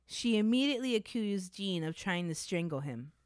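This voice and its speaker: A woman's voice: medium pitch, animated, normal speed, no echo, studio quality. A woman co-hosting a podcast, narrating a true-crime case in a blunt, matter-of-fact way between casual chat.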